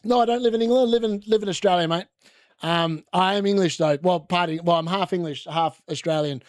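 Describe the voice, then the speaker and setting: A man's voice: sits high, brisk, dry recording, clean studio sound. A young man hosting a casual live football watchalong from a room at home, chatting and rambling as he reacts to the match. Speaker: watchalong host.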